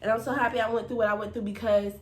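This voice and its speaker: A woman's voice: a little high, level tone, very fast, roomy sound. A woman giving a personal faith testimony to her viewers in an emphatic, preachy way, repeating phrases and calling out to them as y'all. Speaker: faith vlogger.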